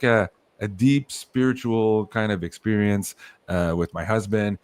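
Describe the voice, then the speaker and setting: A man's voice: lowish voice, normal speed. A man hosting a podcast, chatting casually and telling stories with swearing and acted-out quotes. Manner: animated storytelling, swears casually, acts out quotes. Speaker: podcast host.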